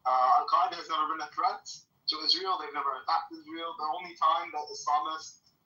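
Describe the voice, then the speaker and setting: High-voiced man asking pointed questions. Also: fairly even intonation, a little fast, pushed and bright, highs cut off. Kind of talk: casual group debate. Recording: roomy sound from a distant mic.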